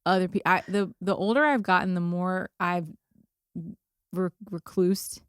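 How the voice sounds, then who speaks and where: A woman from Philadelphia in her thirties talks as a podcast guest in a relaxed, rambling, self-deprecating way, restarting sentences as she thinks. Her voice sits a little low and sounds smooth and resonant. The recording is dry and close. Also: measured pace, dry recording. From Philadelphia, USA. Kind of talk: casual chat.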